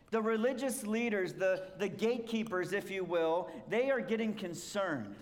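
High-voiced man preaching in a hall. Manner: explanatory, conversational, asks rhetorical questions. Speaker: pastor. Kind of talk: sermon.

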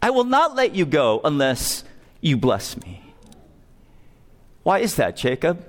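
A man's voice: on the high side, huge pitch swings, takes it slowly, full character voice. A preacher voicing a desperate pleading man. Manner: pleading, urgent.

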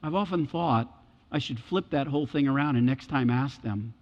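A man preaches a sermon dramatically at normal speed, his voice medium in pitch, acting out voices from the scriptures. The recording has an echoey hall and a dull, lo-fi sound.

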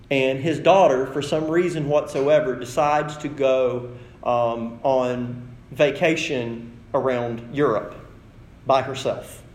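A man, a pastor preaching a sermon in a conversational storytelling way. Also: echoey room. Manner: storytelling, conversational, shifting to low dramatic delivery.

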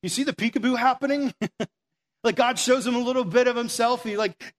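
A man's voice: very high-pitched, fairly quick. A man preaching a sermon in an earnest, conversational way, acting out quoted prayers as he goes. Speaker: pastor.

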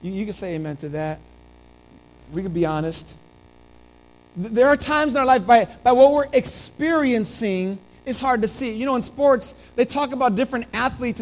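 A middle-aged man preaching a sermon in a church, his voice slightly hoarse, talking earnestly and conversationally with frequent restarts. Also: very high voice, lively intonation, normal speed, faint music behind, rough recording. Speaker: pastor. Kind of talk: sermon with opening prayer. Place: church sanctuary.

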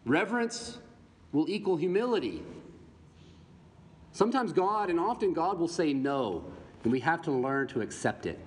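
With long reverb and faint background noise behind him, a pastor preaches a sermon, asking his congregation rhetorical questions as he teaches from the Bible. His slightly rough voice sits on the high side with big pitch swings, moving at a moderate pace with long pauses.

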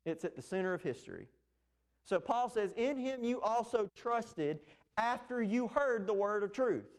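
A man's voice: high voice, lively intonation, moderate pace. A man preaching an expository sermon, earnest and emphatic, with fillers and restarts. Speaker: pastor.

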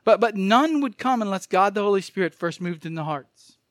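A male preacher with a high voice delivers a sermon earnestly, pressing each point and repeating key phrases. The sound is dry and close, with no room echo. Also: lively intonation, normal speed, fairly bright tone.

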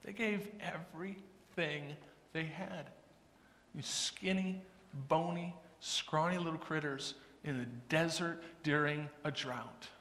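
A man's voice: fairly high pitch, slow, fairly bright tone, reverberant, long reverb tail. A man preaching a sermon, telling a funny personal story and building to an impassioned close. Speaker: pastor.

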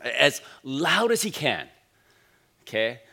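Bright-voiced pastor man preaching. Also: medium pitch, very animated, takes it slowly, creaky. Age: 40s. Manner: conversational, storytelling, many fillers. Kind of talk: sermon.

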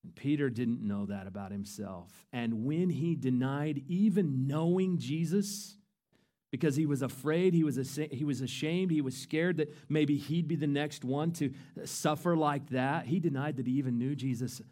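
A man's voice: a little high, moderate pace. Passionate male pastor preaching a sermon. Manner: passionate, swinging between hushed and loud.

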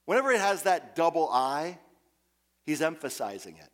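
A man preaching a sermon as pastor, impassioned, swinging from hushed, quiet passages to loud, urgent ones. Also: a little high, very animated, moderate pace.

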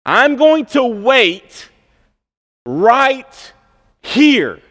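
A man voicing an anguished male prophet who demands answers from God, pleading in slow, drawn-out phrases. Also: very high voice, very animated, a bit bright, voice pushed up, exaggerated voice. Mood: pleading defiant. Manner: pleading, drawn-out, rising intensity. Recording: long hall reverb.

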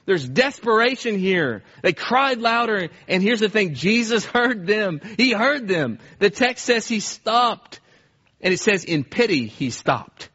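A man's voice: sits high, expressive, a little slow, sharp tone, lo-fi sound. A male pastor preaching a sermon with passion, often repeating phrases and acting out quoted cries.

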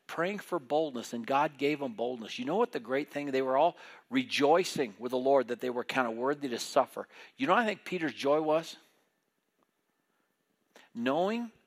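A man delivering a sermon with animated energy. He drops into the voices of the people in his stories, retelling scripture as lively back-and-forth dialogue. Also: medium pitch. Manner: animated preaching, acting out biblical voices in dialogue. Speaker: preacher.

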